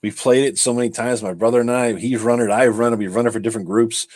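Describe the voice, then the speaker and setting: A man's voice: mid-range voice, fairly even intonation, quick pace, a little mellow, dry recording, studio quality. A man co-hosting a podcast, chatting casually in a laid-back way and laughing easily. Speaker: podcast co-host. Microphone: computer microphone on a live stream.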